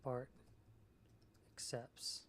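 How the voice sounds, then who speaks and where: A man's voice: extremely slow, fairly bright tone, slight background noise. A man streaming his screenwriting work in casual chat, reading out viewers' messages and answering them thoughtfully. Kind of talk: casual livestream chat while writing.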